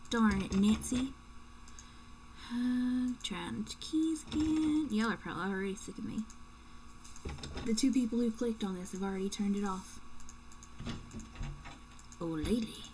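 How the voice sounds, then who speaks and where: A woman's voice: fairly high pitch, measured pace, pauses often, a little mellow, a little hiss or hum, low-quality recording. A young woman giving casual let's-play commentary at home at night, chatty and joking, with playful whispered asides. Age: young adult.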